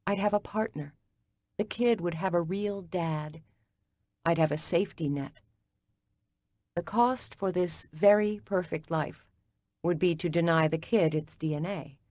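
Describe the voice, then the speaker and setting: A woman narrating a first-person audiobook in a quiet, intimate, measured way. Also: on the low side, dry recording, clean studio sound.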